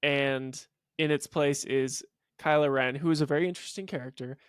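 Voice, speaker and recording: A man co-hosting a podcast in casual chat, excitable and swearing freely. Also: mid-range voice, normal speed, clean tone, dry recording, clean studio sound. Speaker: podcast co-host.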